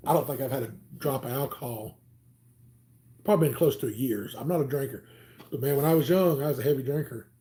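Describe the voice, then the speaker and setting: Mellow Southern man telling stories. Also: medium pitch, fast talker. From Alabama, US. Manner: rambling, chatty, many "um"s. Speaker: channel host. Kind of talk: casual livestream storytelling.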